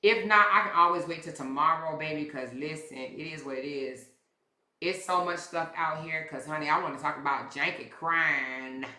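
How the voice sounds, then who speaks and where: A woman's voice: sits low, moderate pace, sharp tone, echoey room. A woman hosting a casual livestream, talking bluntly and with plenty of profanity straight to her viewers. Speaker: livestream commentary host.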